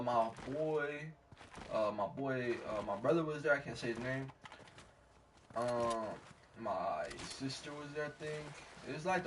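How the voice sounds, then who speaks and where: A young man streaming a game and telling a rambling story in casual slang, laughing at himself and acting out quotes loudly. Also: medium pitch. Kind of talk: casual storytelling while gaming. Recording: distant mic with faint background noise.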